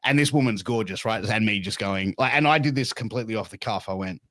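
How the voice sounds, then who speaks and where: A man's voice: on the low side, fast, fairly bright tone, dry recording. A middle-aged Australian man, a wrestling manager and podcaster, telling rambling stories bluntly and with plenty of swearing in a casual interview. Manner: blunt, profane, rambling storyteller.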